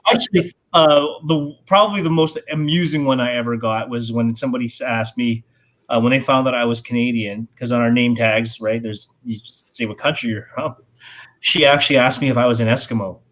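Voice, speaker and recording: A man's voice: mid-range voice, brisk, a bit bright. A man born in Hong Kong, a podcast guest chatting casually in a reflective, polite way. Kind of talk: casual chat.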